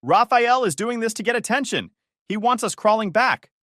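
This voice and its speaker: A man voicing a proud, angry middle-aged father who shouts and blusters. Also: mid-range voice, animated, measured pace, no room sound, clean studio sound. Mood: shouting.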